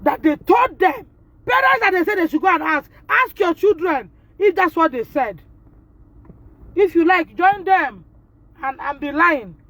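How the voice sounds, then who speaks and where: Indignant Nigerian mother with a high voice who drives her points home by repeating them. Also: animated, measured pace, a bit bright. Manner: emphatic and indignant, repeating phrases, addressing the school directly. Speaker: mother of a pupil. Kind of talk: impassioned live video appeal.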